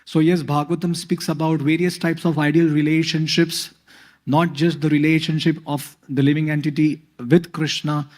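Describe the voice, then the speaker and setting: A man's voice: on the high side, level tone, moderate pace. Hesitant man giving a scripture talk. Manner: hesitant, many fillers. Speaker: spiritual speaker.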